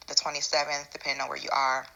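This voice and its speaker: A woman's voice: very deep voice, completely flat delivery, fast, gravelly, bright, forceful tone, poor audio. A woman hosting her spiritual channel, talking casually and rambling a little, with fillers and restarts. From United States. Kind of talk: casual spiritual vlog talk.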